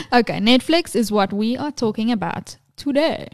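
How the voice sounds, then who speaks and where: A woman's voice: a little high, lively intonation, a little slow. A woman co-hosting a casual parenting podcast, teasing her co-host in a dry way. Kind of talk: casual chat.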